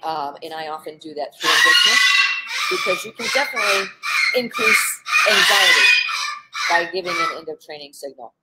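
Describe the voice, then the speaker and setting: A woman's voice: sits low, animated, normal speed, very noisy. A woman who works with animals, hosting a casual live stream, talking earnestly with frequent ums and restarts. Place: indoors with animals around.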